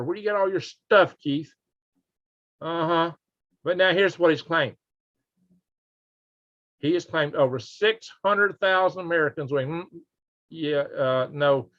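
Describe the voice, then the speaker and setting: A man hosting a casual news commentary livestream, reading and answering chat, animated and repeating himself. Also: on the high side. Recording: slightly dull lo-fi audio.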